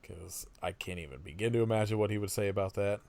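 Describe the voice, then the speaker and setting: A man's voice: fairly low pitch, fast talker, gravelly, a little mellow. A man co-hosting a podcast, rambling casually with fillers and chuckles. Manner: rambling, laughs between thoughts, many fillers. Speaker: podcast co-host. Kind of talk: casual chat.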